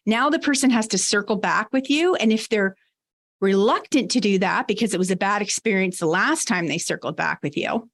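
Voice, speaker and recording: A woman guest on a podcast, giving leadership advice. She talks in a steady, explanatory manner at a middle pitch and lays out her ideas point by point. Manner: measured, explanatory. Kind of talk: conversational advice.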